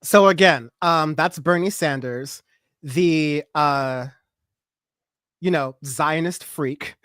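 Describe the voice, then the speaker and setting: A man's voice: fairly high pitch, takes it slowly, fairly bright tone, clean tone, no echo, studio quality. A man hosting a political livestream, rambling with lots of fillers and sarcastic asides. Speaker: political commentary host. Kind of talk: livestream commentary.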